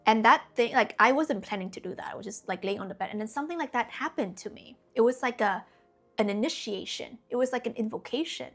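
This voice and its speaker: A woman's voice: on the high side, lively intonation, quick pace, fairly bright tone, faint music behind. A woman spiritual coach talking casually to her viewers, earnest and chatty, often adding "you know" and "okay?". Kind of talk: casual spiritual talk to camera.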